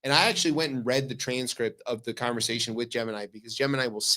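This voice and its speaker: A man co-hosting a radio talk show, telling news stories in an animated, joking way. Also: medium pitch, rough recording. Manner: animated storytelling, quick asides. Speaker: radio co-host. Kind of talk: casual comedic news chat.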